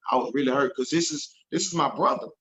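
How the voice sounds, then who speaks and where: A man's voice: on the high side, fast, a bit bright, poor audio. A man telling an emotional story as an interview guest, earnest and repeating himself when moved.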